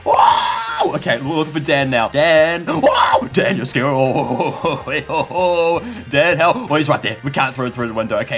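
A young man giving excitable, goofy gameplay commentary as a channel host, yelping and shouting at sudden moments. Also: medium pitch. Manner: goofy self-mocking banter.

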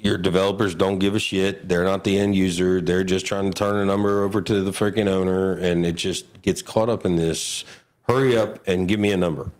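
A man's voice: deep voice, level tone, brisk, a little mellow. A man, an industry guest on a podcast, speaking bluntly and with exasperation and swearing. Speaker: guest, HVAC contractor. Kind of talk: casual podcast chat.

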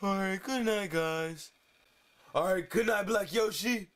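A man voicing a hyper, fast-talking male bird who rambles excitably in a puppet comedy skit. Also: high voice. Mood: chummy.

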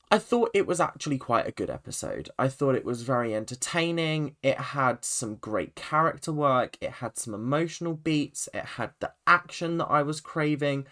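Guy vlogging a tv review, rambly and chatty, mid pitch. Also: a bit bright. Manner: rambling, chatty, frequent restarts and asides. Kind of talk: casual spoken review.

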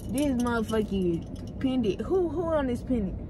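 A young woman on a blind date in a car, suspicious and teasing, swearing loudly as she questions her date. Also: on the high side, animated, normal speed, noisy background. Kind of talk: casual banter in a car. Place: inside a car.

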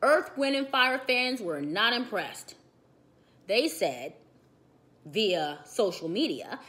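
A woman's voice: mid-range voice, very animated, takes it slowly, pauses often, fairly bright tone. A woman hosting a short celebrity gossip segment, with sassy, opinionated asides to the listener. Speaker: entertainment gossip host.

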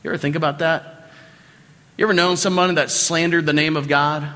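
A man's voice: a little high, fairly even intonation, a little fast, sharp tone. A man with a Southern American accent preaching a sermon as pastor, conversational, repeating phrases and putting questions to the congregation. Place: church sanctuary. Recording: long hall reverb.

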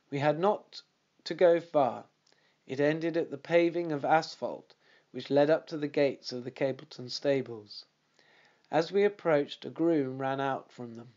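A man narrating a classic detective audiobook in a steady, measured way. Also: a little high, muffled recording.

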